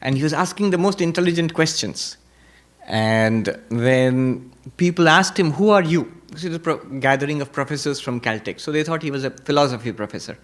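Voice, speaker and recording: A man with a slightly raised pitch delivers a spiritual lecture as a monk. He moves between storytelling and chanted Sanskrit verses. He hammers home each point by repeating it. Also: normal speed. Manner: emphatic repetition. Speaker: Vedanta teacher, monk.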